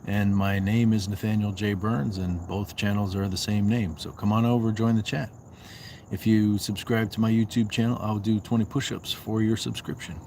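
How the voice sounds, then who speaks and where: A man from the Southwest United States hosts a relaxed livestream, reading chat messages aloud and firing back quick, joking replies. His voice sits on the lower side. A faint outdoor hum of insects and passing traffic lingers behind him. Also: gravelly. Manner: playful, bantering, answers chat in quick asides. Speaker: livestream host. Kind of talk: casual livestream chat reading viewer comments. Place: outdoors on a walk.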